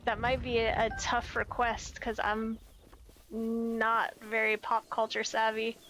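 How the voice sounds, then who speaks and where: A slow, monotone, slightly high and a bit bright voice comes from an American woman gaming on stream. She chats casually with viewers, reads their messages, and often gropes for words, over slight background noise.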